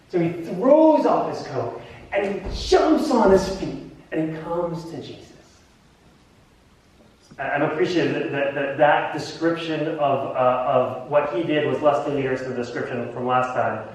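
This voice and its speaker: A man's voice: high voice, normal speed. Guy preaching a sermon, acts out the voices, trips over his words a lot, sounds far off in a big echoey room. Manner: animated storytelling, acts out voices, stammering restarts. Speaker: pastor. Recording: echoey church hall from far off.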